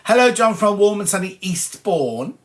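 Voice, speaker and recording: A man's voice: sits high, animated, moderate pace. A British man hosting a sewing livestream, reading viewers' comments aloud with cheeky, chatty asides. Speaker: host of a sewing show.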